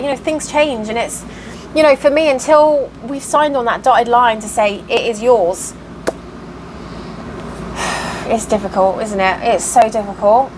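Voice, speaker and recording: Woman vlogger, higher voice, tired and frustrated, venting to camera. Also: background noise. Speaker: cross stitch vlogger. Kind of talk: casual chatty vlog update.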